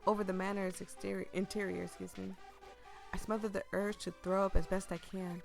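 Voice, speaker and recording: A woman's voice: mid-range voice, a little fast, gravelly, soft background music. Chatty woman reading a horror game aloud. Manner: excitable, chatty asides between read lines. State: losing her voice. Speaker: gaming streamer. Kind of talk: reading a visual novel aloud with live reactions.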